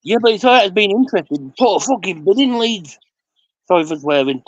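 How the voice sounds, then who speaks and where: A man's voice: sits high, expressive, a little fast, no echo. A man on a football fan livestream, chiming in bluntly and agreeing in casual chat. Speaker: fan panelist. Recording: dull, dry lo-fi mic.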